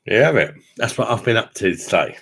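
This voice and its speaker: A man's voice: on the low side, sing-song, a little fast, fairly bright tone, slightly rough. A tipsy man, chatting casually and rambling through a beer live stream at home, matey and swearing freely. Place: home room with sound panels.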